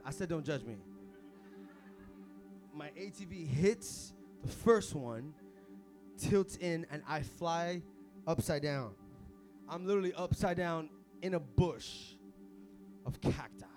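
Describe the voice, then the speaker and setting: A young man preaching an energetic sermon as pastor, casual and full of slang, swinging from hushed asides to shouting. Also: fairly high pitch, slow, pauses often, faint music behind.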